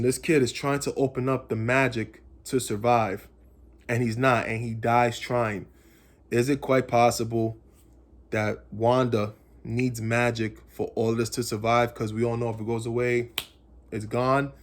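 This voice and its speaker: Guy rambling through an episode recap, mid-pitch voice, keeps circling back on his theories. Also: flat delivery, measured pace. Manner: rambling, speculative, repeats phrases. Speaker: comics channel host.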